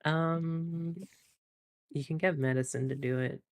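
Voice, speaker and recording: A guest joining a streamer's voice call who talks bluntly and deadpan, tossing off crude jokes as if they were nothing. The voice sits at a middle pitch. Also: slow, vocal fry. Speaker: guest on voice chat. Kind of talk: casual chat.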